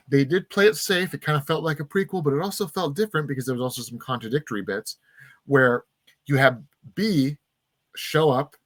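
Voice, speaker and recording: Man, podcast host, casual chat, eager plot recap, mid pitch. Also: a bit bright, no room sound. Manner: enthusiastic plot recap, acting out lines in quick voices.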